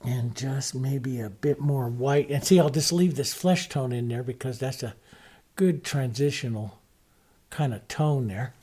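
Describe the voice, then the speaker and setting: An unhurried middle-aged man with a medium-pitched, dark, slightly breathy voice demonstrates painting step by step. As the instructor works, he talks easily and thinks out loud, dropping in frequent fillers.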